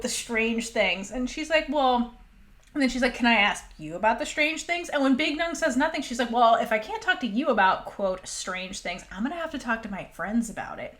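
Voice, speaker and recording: High-voiced animated woman podcast host. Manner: animated, swearing, acts out quotes, laughs often. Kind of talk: casual recap chat.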